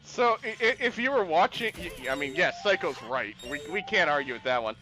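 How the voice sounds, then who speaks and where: A man cracking jokes as he narrates his speedrun live. His voice sits high and swings widely, with a bright edge, and faint game music plays underneath. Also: expressive, a little fast, rough recording. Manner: joking, laughs often. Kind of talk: live gameplay commentary.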